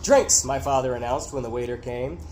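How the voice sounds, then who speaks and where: A man's voice: mid-range voice, animated, moderate pace, a little mellow, slight background noise, low-quality recording. A middle-aged man reading aloud from his own memoir, acting out the characters' lines with big jumps in his voice.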